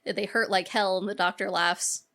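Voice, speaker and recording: A woman co-hosting a podcast, retelling a film scene by scene with lively acted-out quotes. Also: medium pitch, moderate pace. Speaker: podcast co-host. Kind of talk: casual film recap chat.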